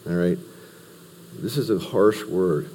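A man's voice: deep voice, slow, dark tone, husky, in a large hall. A man teaching a Bible study, talking through the text verse by verse in a conversational way with asides and restarts.

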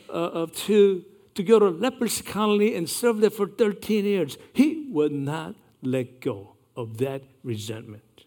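A man, earnestly recounting a personal story in a measured way, with occasional restarts. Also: high voice, sing-song, dark tone.

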